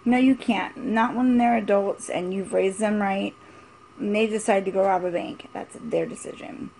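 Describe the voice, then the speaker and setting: Blunt, gravelly-voiced mom vlogger. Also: female voice, mid-range voice, fairly even intonation, moderate pace, darkish tone, a little hiss or hum. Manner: emphatic, blunt and repetitive. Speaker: mother vlogger. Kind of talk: casual opinion vlog.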